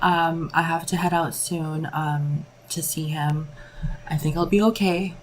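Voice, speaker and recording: A woman's voice: deep voice, steady tone, measured pace, slight background noise, poor audio. A young woman chatting candidly through a makeup vlog, rambling and peppering her talk with "like". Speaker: beauty vlogger. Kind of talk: casual makeup vlog chat.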